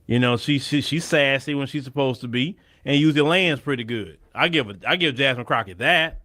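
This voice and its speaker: A host of a casual political commentary show speaks a little fast, at medium pitch, with a sharp tone. He's blunt and opinionated and often restarts his sentences.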